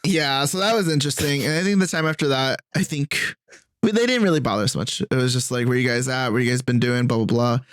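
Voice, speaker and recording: A man co-hosting a podcast, telling a story in a relaxed, rambling way with lots of filler words. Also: medium pitch, fast talker, dry recording, studio quality. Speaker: podcast co-host. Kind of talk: casual chat.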